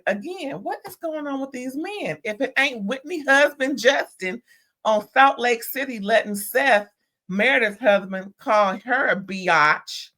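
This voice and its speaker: A woman's voice: medium pitch, sharp tone. A woman from California giving sassy, opinionated commentary as she recaps a reality TV reunion in casual chat. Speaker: reality TV reviewer.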